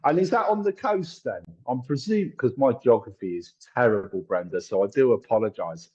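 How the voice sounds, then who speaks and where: A man with a husky, slightly breathy voice gives a live psychic reading. He talks in a chatty, apologetic way, full of fillers and asides. The stream audio sounds dull and lo-fi. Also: medium pitch, animated, brisk, darkish tone. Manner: chatty, apologetic, thinks aloud with many fillers. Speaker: psychic medium.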